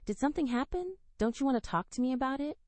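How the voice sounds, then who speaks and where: A woman's voice: high-pitched, animated, fast talker, a little mellow, no room sound, pitched above the performer's own voice. A woman voicing a protective young man, urgent and pleading in his questions to his best friend.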